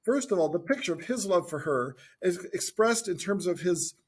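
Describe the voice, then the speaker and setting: A man with a husky, breathy voice pitched a little higher than most men, teaching from scripture in a gentle, informal talk. He speaks reflectively and thinks aloud as he explains the passage. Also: expressive, normal speed. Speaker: Bible teacher.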